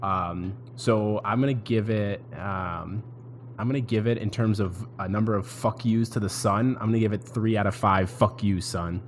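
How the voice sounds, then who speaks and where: Jokey low-voiced young man. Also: fairly even intonation, moderate pace, slight background noise. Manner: jokey, acts out quotes. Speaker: podcast co-host. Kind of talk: casual chat.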